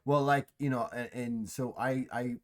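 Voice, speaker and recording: A man's voice: medium pitch, steady tone, measured pace. A man hosting a casual chat, musing aloud with a rambling, restarting way of talking. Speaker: host.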